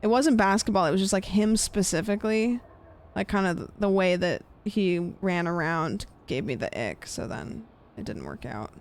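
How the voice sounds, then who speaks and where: A young woman streamer chatting casually while gaming, rambling with lots of fillers and trailing off quietly. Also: mid-range voice, expressive, moderate pace, slight background noise.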